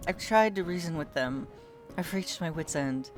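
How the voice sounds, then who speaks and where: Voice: medium pitch, expressive, normal speed, soft background music, close to an everyday voice. A streamer reading a worried young mother. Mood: weary. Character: frightened, grieving young mother. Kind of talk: reading game dialogue aloud.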